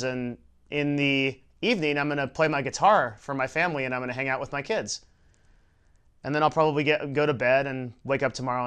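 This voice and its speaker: A man's voice: fairly high pitch, fairly bright tone, clear, resonant tone, close to an everyday voice. A man voicing a poor fisherman who talks in an easygoing, plainspoken way about his simple day. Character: laid-back poor fisherman, content and unhurried.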